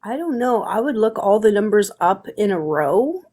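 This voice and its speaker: A woman's voice: medium pitch, big pitch swings, moderate pace, a little mellow. A woman guest in a casual chat, talking bluntly and swearing casually as she tells her story.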